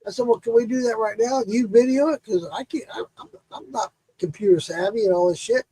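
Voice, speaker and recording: A man's voice: high-pitched, a little fast, dark tone, breathy edge, low-quality recording. A man telling a long, profane story in casual chat and acting out the quotes.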